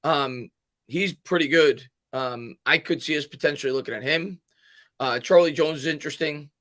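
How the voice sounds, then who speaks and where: Bright-voiced casual stream host man. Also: a little high, moderate pace. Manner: casual, reads chat comments aloud, hesitant fillers. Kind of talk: live sports stream talk.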